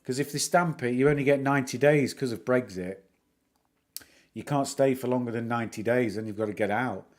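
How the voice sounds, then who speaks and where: A middle-aged man with a Northern English accent, talking casually on a livestream in a mid-pitched voice. He rambles from one aside to the next, mocking himself as he goes, while soft chill music plays in the background. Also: a little fast. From England. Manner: chatty, rambling, self-mocking jokes. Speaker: livestream host.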